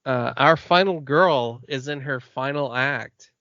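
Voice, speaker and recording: A man co-hosting a podcast in relaxed casual chat, laughing often. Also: medium pitch, takes it slowly, dry recording. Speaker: podcast co-host. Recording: dull lo-fi podcast audio.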